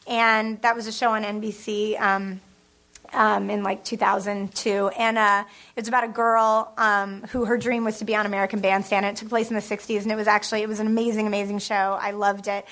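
A woman's voice: medium pitch, level tone, a little fast, a bit bright. A woman television writer telling stories on a panel in a chatty, self-deprecating way, laughing often and using lots of fillers. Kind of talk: casual storytelling on a panel.

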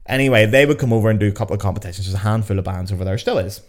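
Very fast and steady in tone, this man's voice sits fairly low. A young host from Northern Ireland, he speaks with a Belfast accent on a casual educational podcast, chatting, joking and swearing freely through a podcast mic.

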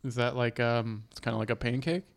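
A man's voice: mid-range voice, flat delivery, a little fast, creaky. A young man co-hosting a casual chat, easygoing and asking curious questions. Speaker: podcast co-host.

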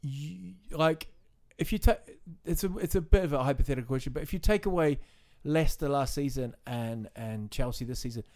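A man's voice: fairly high pitch, brisk, hardly any pauses, a little mellow. A man hosting a casual chat, telling playful stories and asking teasing questions.

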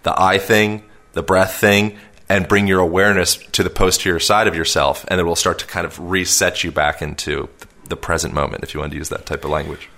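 Guest, male, deep but crisp-edged voice, long-winded, loose and filler-heavy. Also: fairly even intonation, fairly quick, pushed and bright. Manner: rambling, filler-heavy, self-aware long-winded talk. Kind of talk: casual conversational explanation.

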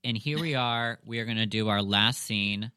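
Smooth low-voiced man chatting. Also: moderate pace, bright, forceful tone, dry recording, clean studio sound. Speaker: podcast co-host. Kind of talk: casual book discussion and dramatic reading.

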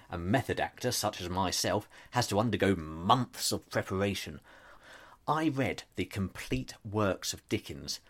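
A man's voice: on the low side, fairly bright tone. A man delivering a scripted comic monologue as a pompous, self-important actor, with dry asides. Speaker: comedic narrator playing a pompous actor.

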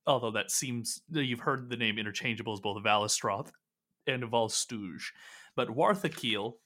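A man narrating as game master, relaxed and rambling, with frequent fillers. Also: mid-range voice, moderate pace.

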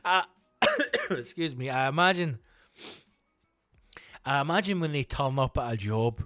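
A middle-aged Scottish man, a comedian hosting his own show, telling rambling, sweary stories in a casual, animated way. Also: mid-range voice, takes it slowly, pauses often, dry recording, studio quality. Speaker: comedian podcast host. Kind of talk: casual comic storytelling.

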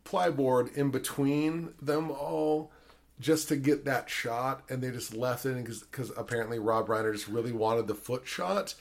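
A man's voice: mid-range voice, measured pace, gravelly. Male podcast host, loose rambling delivery, heavy fillers, casual profanity. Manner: rambling, swears a lot, many fillers. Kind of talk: casual chat.

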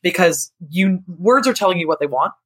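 A woman's voice: lowish voice, expressive, moderate pace, husky, low-quality recording. A woman historian, a guest in a casual conversation, talking in a chatty way with many fillers. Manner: chatty, thinks aloud with many "you know" fillers.

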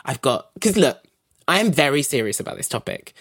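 A man guesting on a podcast as a comedian, chatting casually in a gossipy, excitable and playfully dramatic way. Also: medium pitch, a little fast, breathy edge, no echo.

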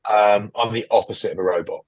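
Harried British dad ranting fast. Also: male voice, fairly low pitch, fairly even intonation. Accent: British English. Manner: rapid rambling rant, exasperated. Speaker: podcast co-host. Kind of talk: casual chat. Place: relative's house indoors. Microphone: AirPods earbuds.

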